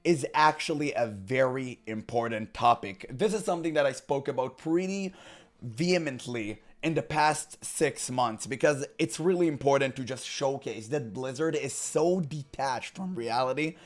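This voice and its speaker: A man hosting gaming commentary, hoarse from illness with frequent voice cracks, ranting in an emphatic, exasperated way. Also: mid-range voice, moderate pace.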